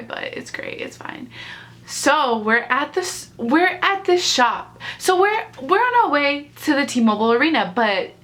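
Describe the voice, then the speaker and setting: A young woman vlogger tells a storytime in emotional, rambling casual slang packed with "like," sighing and sounding near tears. Her voice is a little high with a sharp tone.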